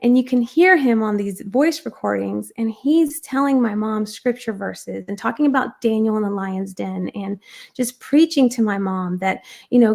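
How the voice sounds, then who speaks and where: A woman's voice: on the high side, moderate pace, gravelly, a little mellow. A woman guest earnestly telling a personal testimony in conversation, with frequent ums and restarts. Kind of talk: personal storytelling.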